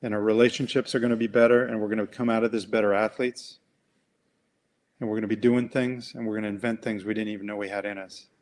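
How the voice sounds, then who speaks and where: Guy giving a webinar talk, animated and folksy, does the voices in his story. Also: lowish voice, fast. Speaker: coach and presenter. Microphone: webinar mic.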